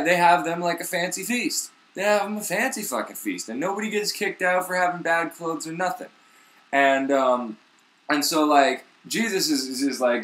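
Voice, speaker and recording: A man's voice: a little high, a bit bright, echoey room. A young man, the host, retelling a story in rambling, slangy casual talk full of swearing.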